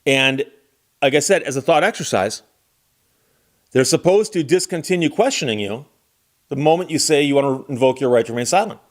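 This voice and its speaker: A man's voice: medium pitch, lively intonation, fairly quick, long pauses. A man giving casual, wry legal commentary and talking straight to the viewer in a conversational way.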